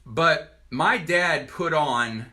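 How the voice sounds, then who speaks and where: A man in his forties from Virginia, a doctor giving a personal testimonial to camera in an earnest, halting way with many restarts. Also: fairly high pitch, sharp tone. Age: 40s.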